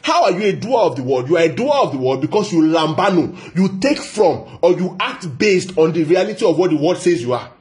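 A man preaching a Bible teaching sermon, emphatic, repeating key phrases, asking rhetorical questions and slowing down to stress scripture quotes. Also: fairly high pitch, sing-song, a little mellow.

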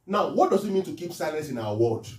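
A man preaching with a high, lively voice that swings up and down, quizzing his congregation as he goes. He reads scripture lines slowly and deliberately. The sound is roomy and echoing, picked up from some distance away. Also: faint music behind. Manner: call-and-response questions to the congregation. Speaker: pastor. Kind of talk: interactive sermon teaching. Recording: echoey room, voice from a distance.

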